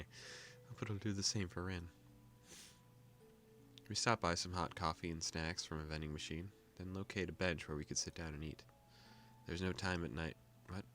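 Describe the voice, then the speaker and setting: A young man hosting a gaming video, calmly reading a visual novel aloud with joking asides. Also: sits low.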